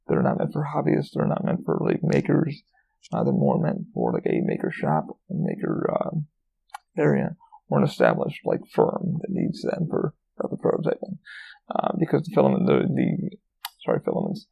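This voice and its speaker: The host of this casual solo podcast speaks in a gravelly, medium-pitched voice with a breathy edge. He rambles along, cursing openly and stumbling through fillers and restarts, on a dull, lo-fi recording.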